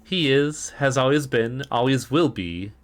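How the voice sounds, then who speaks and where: A man reading the lines of a gentle, enigmatic young woman with a soft, coaxing delivery. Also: mid-range voice, measured pace, slight background noise, close to an everyday voice.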